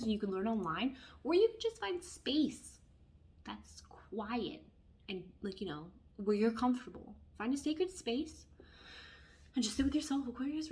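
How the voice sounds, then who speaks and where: Chatty, expressive woman reading tarot. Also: a little high. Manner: chatty and expressive, often dropping to a hushed aside. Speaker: tarot reader. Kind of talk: casual tarot reading talk.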